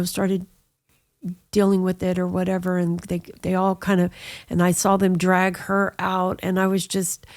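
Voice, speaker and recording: Woman, middle-aged, interview guest; flat delivery, casual storytelling full of asides. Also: on the low side. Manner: storytelling, with frequent "you know" asides. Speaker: guest sharing her testimony. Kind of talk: conversational personal testimony.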